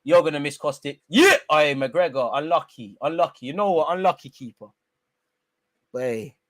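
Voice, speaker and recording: Young male watch-along host, loose and slangy, with loud teasing bursts. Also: a little high, normal speed, no echo. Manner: teasing, slangy banter with sudden excited outbursts. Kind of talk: live football watch-along commentary.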